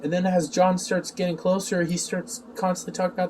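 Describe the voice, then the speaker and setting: Sarcastic guy rambling thru a show recap, kinda high voice, faint hiss behind. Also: flat delivery, fairly quick, hardly any pauses, darkish tone, far from the mic, rough recording. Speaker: TV reviewer. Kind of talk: casual episode recap.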